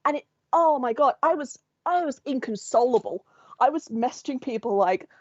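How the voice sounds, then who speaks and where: A woman co-hosting a podcast, telling a story in an animated, sweary, laughing way. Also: high-pitched, normal speed, husky, no room sound. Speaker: podcast co-host. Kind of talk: casual chat. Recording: dull, dry sound.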